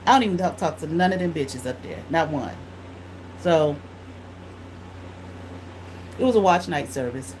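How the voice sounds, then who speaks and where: A woman tarot reader telling a blunt, animated story in casual speech, swearing freely. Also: deep voice, measured pace, long pauses, a little hiss or hum, poor audio.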